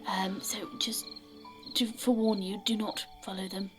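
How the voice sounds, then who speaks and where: A British woman in whispered role-play as a wary female companion, passing on a hushed, hesitant warning. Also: medium pitch, little pitch movement, moderate pace, over music, close to an everyday voice. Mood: cautious.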